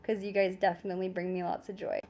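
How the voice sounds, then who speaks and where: A Canadian-accented woman livestreams casually from home, talking straight into her phone in a mid-range, level, slightly mellow voice at a quick pace. She's chatty and self-deprecating, laughing often and swearing now and then, with a little hiss or hum.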